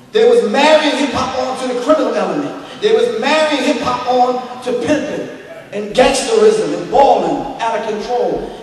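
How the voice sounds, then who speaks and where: A middle-aged man giving a fiery, preacher-like lecture, speaking straight to the crowd. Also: extremely high pitch. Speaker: speaker addressing an audience. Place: large hall with an audience. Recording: echoey hall, voice picked up from far off.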